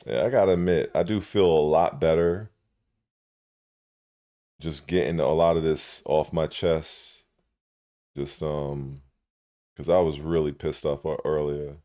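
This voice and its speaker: Slow, very deep-voiced male streamer. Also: fairly even intonation, mellow. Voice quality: profane, nostalgic and laid-back. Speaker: channel host. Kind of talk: casual live-stream commentary.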